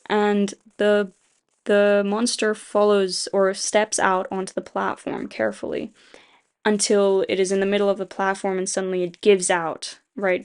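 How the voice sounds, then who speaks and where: A woman's voice: mid-range voice, darkish tone. A woman casually retelling a story plot, rambling with lots of fillers, quoting characters in passing and swearing freely as she gives her opinions. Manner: rambling, filler-heavy, voices quoted characters. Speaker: video essayist.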